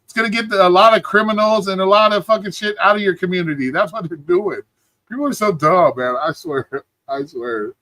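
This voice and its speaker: A man's voice: sits high, a little fast, bright, forceful tone, dry recording. A man hosting a livestream, ranting in a profane, mocking way and talking back to chat. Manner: profane, mocking, mimics people in a whiny voice. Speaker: livestream host.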